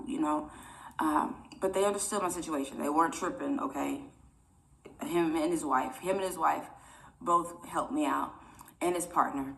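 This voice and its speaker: A young woman, a delivery driver, casually telling her own story to viewers, animated and quoting others as she goes. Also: low voice, normal speed, creaky, poor audio. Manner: animated, addresses viewers as y'all, quotes others. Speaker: food delivery driver and vlogger.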